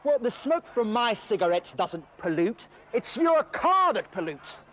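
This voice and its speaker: A man's voice: extremely high pitch, sing-song, unhurried, fairly bright tone, a little hiss or hum, heavily acted. An actor playing a stubborn, argumentative male smoker protesting pollution in a TV sketch. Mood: indignant. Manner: argumentative, indignant.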